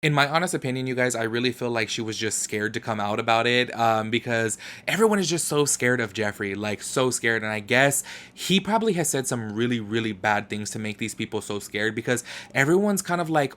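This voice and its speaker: A man's voice: mid-range voice, a bit bright. Casual guy commentary, rambly w lots of ums, mid voice. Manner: chatty, many fillers like um and like. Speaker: commentary YouTuber.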